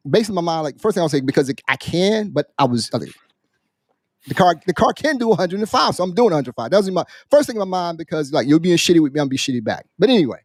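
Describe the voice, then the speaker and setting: A man, a military veteran, on a podcast, casually telling a story in an animated, profane way and acting out the people in it. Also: a little high, fast, dry recording, studio quality. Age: adult, military veteran. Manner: animated, profane, acts out quoted voices. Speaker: podcast co-host.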